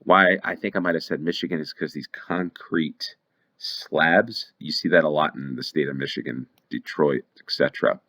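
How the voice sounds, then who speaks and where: A man's voice: extremely low pitch, normal speed, sharp tone. A man giving casual play-along commentary on a geography game, thinking aloud and rambling as he goes.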